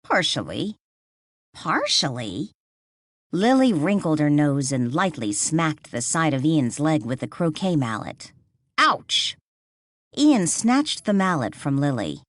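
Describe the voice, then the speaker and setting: A woman narrating an audiobook with expressive storytelling. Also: low-pitched, moderate pace, few pauses, no room sound, studio quality. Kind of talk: scripted narration.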